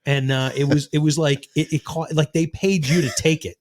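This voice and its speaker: A man's voice: fairly high pitch, steady tone, moderate pace, a little mellow. A man in his sixties, a podcast host, telling long, profane stories in casual chat and acting out the lines of people in them. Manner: rambling, profane storytelling with acted-out quotes.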